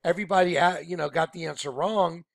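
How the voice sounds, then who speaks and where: A man leading an informal screen-share Bible study, excited and rambling, often telling listeners to watch. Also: a little high, fast, creaky, no room sound, clean studio sound. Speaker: Bible teacher.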